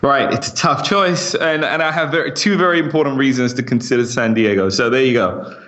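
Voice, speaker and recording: A man's voice: medium pitch, a little fast, fairly bright tone. A man with a British accent and a slight American twang, an upbeat podcast guest who laughs easily. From England. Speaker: guest, company CEO. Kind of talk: casual interview chat.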